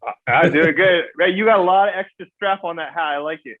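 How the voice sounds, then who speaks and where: Male guest, high voice, playful teasing humor, dull lo-fi audio. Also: fairly quick, dry recording. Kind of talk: casual interview chat.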